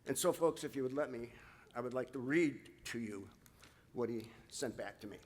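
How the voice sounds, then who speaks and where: Man at a podium presenting an honoree, emotional and halting, talks to the crowd directly. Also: mid-range voice, a little mellow, slightly rough. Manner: halting, with frequent restarts, addresses the crowd as folks. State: emotional, voice catching. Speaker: ceremony speaker presenting an inductee. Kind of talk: emotional ceremony speech to an audience.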